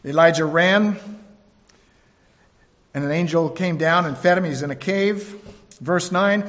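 High-voiced preacher in a reverberant hall. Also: male voice. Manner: dramatic, swings between loud emphasis and hushed slow delivery. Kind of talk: sermon.

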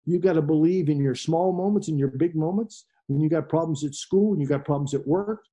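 A middle-aged male pastor preaching a sermon in an earnest way, dropping to a hush and then rising to emphasis. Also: fairly high pitch, brisk. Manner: earnest, shifts between hushed and emphatic.

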